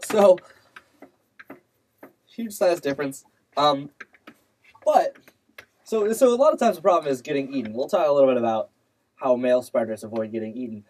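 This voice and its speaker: A man's voice: mid-range voice, moderate pace, pauses often, darkish tone, low-quality recording. Playful man explaining things casually. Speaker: podcast host explaining spider facts. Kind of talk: casual chat.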